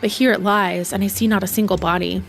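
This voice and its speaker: A woman's voice: mid-range voice, steady tone, quick pace, creaky, voice pushed down, lightly acted. Solemn fantasy commander, formal and grave; a woman reads the part, faint music underneath. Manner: formal, grave read-aloud delivery.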